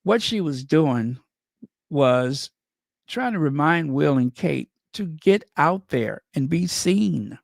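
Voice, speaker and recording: A man with a fairly high voice talks in a casual, sarcastic way, piling on rhetorical questions and wry asides. The sound is close and dry, with no room around it. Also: animated, takes it slowly, vocal fry, dry recording. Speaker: commentator. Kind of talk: casual chat.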